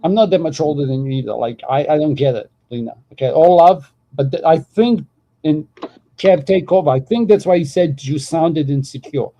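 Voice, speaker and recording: A man's voice: fairly high pitch, normal speed, dark tone, low-quality recording. A man hosting a call-in panel, rambling casually and filling his talk with "like.". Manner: rambling, peppers speech with "like". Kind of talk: casual argumentative chat.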